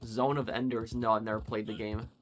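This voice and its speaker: A man's voice: on the low side, level tone, a little fast, slight background noise. A young man streaming a game, casually chatting as he reads viewer comments, rambling and digressing as he goes. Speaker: gaming streamer. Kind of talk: casual chat reading live comments while gaming.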